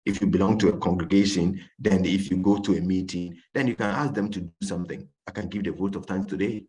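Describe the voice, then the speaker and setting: A man with a low voice and a West African English accent, speaking to a group. He answers questions informally and acts out little scenes as he goes. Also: steady tone, quick pace, mellow. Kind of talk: informal talk with anecdotes.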